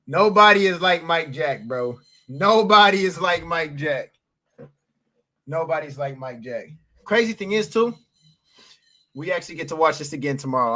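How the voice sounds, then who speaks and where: A man's voice: fairly high pitch, animated, normal speed, sharp tone. A man reacting live on a stream, hyped and slangy, repeating himself and out of breath.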